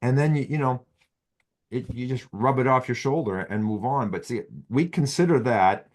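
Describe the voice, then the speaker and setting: A man's voice: medium pitch, normal speed. A man with a Boston accent talking casually on a podcast, rambling with frequent restarts and "you know" as he explains medical ideas. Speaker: physician guest.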